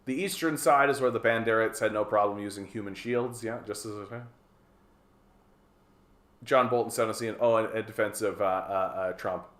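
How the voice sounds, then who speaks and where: A man's voice: on the low side, normal speed, a bit bright, echoey room. A man from Canada, giving profane, rambling, sarcastic live-stream commentary as a political streamer.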